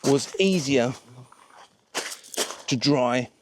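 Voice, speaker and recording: A man chatting to camera while washing a car, relaxed and a little out of breath. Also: medium pitch, background noise. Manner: chatty, slow and unhurried, self-deprecating. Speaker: car detailing vlogger.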